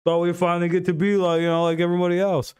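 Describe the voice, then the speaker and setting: A man's voice: high voice, little pitch movement, very fast, a little mellow, clear, resonant tone, dry recording. A man hosting a casual live stream, riffing sarcastically and swearing freely. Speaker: podcast host.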